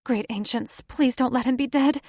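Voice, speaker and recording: A woman reading an audiobook, voicing a desperate, tearful young woman healer who cries out in a high, pleading voice. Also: fairly even intonation, racing, mellow, no echo, clean studio sound, close to an everyday voice.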